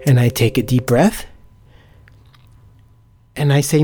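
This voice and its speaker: A man's voice: medium pitch, slow, pauses often, mellow. A man who is a teacher, telling a personal story in a theatrical, vivid way.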